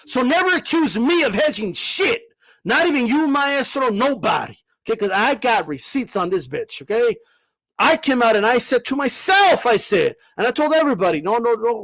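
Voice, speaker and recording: The host of a boxing channel talks in a high-pitched, fairly bright voice, with no echo on the recording. It's a casual, forceful monologue: he curses freely, keeps tacking "okay?" onto his lines, and trips over and restarts his words as he heats up.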